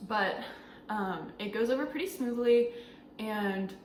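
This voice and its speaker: A young woman co-hosting a podcast, telling a story in casual chat, animated and often laughing, in a small apartment. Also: medium pitch, a little slow, far from the mic. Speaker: podcast co-host. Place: small apartment living room. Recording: echoey room with faint noise.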